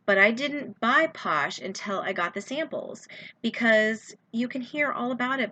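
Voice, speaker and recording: A woman's voice: medium pitch, bright, forceful tone. A woman chatting casually in a how-to video, full of fillers and asides as she shows how she prepares product samples. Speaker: direct sales consultant.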